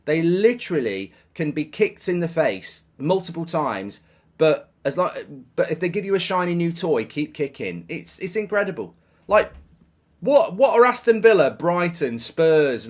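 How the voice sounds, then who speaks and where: A man holds forth in an exasperated, sarcastic rant. His voice sits a little higher than most men's, and he stumbles over repeated words when he gets worked up. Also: animated, normal speed. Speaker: football fan commentator. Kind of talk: ranting opinion monologue.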